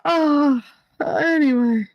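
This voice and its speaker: A middle-aged woman hosts a livestream, chatting casually with viewers and the live chat, often laughing and teasing. Her voice is high-pitched and she speaks extremely slowly. The recording is muffled, with no echo.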